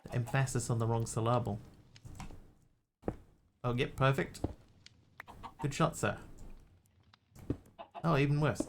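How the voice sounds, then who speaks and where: A man with a gravelly, fry-edged voice talks his way through a game stream, musing aloud and greeting viewers in his chat. Faint noise and mouse clicks sit under his desk-mic voice. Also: mid-range voice, slow, long pauses. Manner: chatty, talks to himself and thanks chat. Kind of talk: casual live game commentary.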